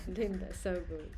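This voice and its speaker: A woman's voice: on the low side, dark tone. A woman hosting an event and chatting with her audience in an upbeat way, asking them questions. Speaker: event host. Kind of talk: casual chat. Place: virtual event space.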